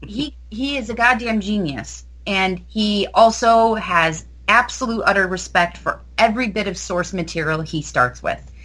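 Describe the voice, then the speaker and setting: A woman's voice: medium pitch, measured pace, hardly any pauses, a bit bright. A woman co-hosting a casual podcast, enthusiastic and gushing as she chats. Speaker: podcast co-host.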